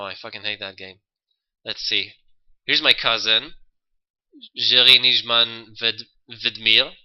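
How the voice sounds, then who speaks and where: A man's voice: on the low side, clear, resonant tone. Young man, casual stream chat, dull lo-fi mic. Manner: loose, profane, chatty. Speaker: livestream host.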